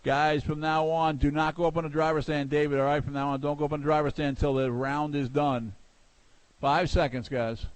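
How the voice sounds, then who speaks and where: A man's voice: on the high side, level tone, clean tone, no room sound. A man announcing a live hobby car race, calling lap times, giving instructions to drivers and joking with the crowd. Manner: brisk, joking, calls times and gives instructions.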